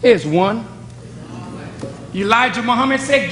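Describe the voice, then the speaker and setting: An older man preaches a fired-up sermon in a high, swooping voice that leaps up to shouts and then falls to a near murmur. He takes his time over each phrase, and a long reverb from a large hall trails after his words. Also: sing-song, slow, noisy background. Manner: preaching with shouted peaks and sudden drops. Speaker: minister. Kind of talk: fiery sermon.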